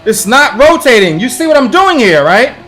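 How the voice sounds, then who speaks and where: A man streaming a racing game live, frustrated and swearing, swinging between outbursts and low muttering. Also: big pitch swings, normal speed, bright, forceful tone, soft background music. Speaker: gaming streamer. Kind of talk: live gameplay commentary.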